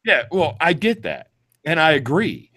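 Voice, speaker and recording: A man's voice: a little high, huge pitch swings, unhurried, bright, forceful tone. A man with a Georgia accent hosting a casual panel chat, blunt and profane, with frequent ums. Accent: Georgia, US South. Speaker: podcast host.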